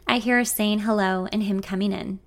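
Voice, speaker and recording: A woman's voice: mid-range voice, steady tone, fairly quick. A woman reading a first-person story in a confiding, introspective way. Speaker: narrator.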